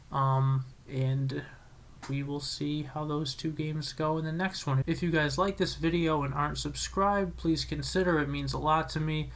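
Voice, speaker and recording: A young man casually commentating his own card game match, excitable and self-critical, with frequent restarts. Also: fairly high pitch.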